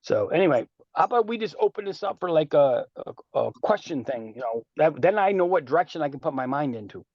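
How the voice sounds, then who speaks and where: A man speaking on a group call in a boastful, animated way with streetwise slang, lecturing and taking questions. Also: on the high side, brisk, few pauses, no room sound, muffled recording. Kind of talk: casual lecture and Q&A.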